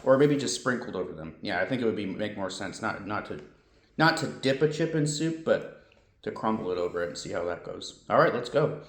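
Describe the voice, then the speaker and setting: A man's voice: lowish voice, animated, a little fast, reverberant. A man reviewing snacks and drinks in a casual vlog, chatty and thinking aloud, often correcting himself. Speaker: food reviewer.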